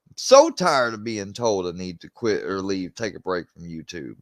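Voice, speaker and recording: A man's voice: low-pitched, sing-song, moderate pace, no room sound. A young man, a YouTuber ranting to his viewers, agitated and swearing as he repeats himself. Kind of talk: venting rant to camera.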